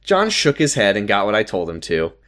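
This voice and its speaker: Lively man doing a mock-dramatic reading. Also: on the low side, brisk. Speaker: co-host reading a fan story aloud. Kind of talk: comedic dramatic reading with chat.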